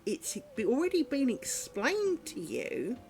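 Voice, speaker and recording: A woman's voice: high-pitched, wildly swooping pitch, unhurried, vocal fry, darkish tone. A woman streaming her lace-making, chatting casually and rambling, with the odd swear word. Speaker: craft streamer.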